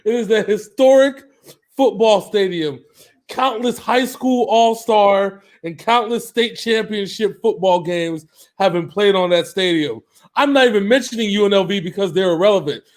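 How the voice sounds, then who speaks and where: A man in his thirties co-hosting a casual sports show, loud, laughing and swearing often. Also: high-pitched. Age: 30s. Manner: loud, laughing, profane trash talk. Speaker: co-host. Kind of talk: casual sports podcast banter. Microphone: remote call.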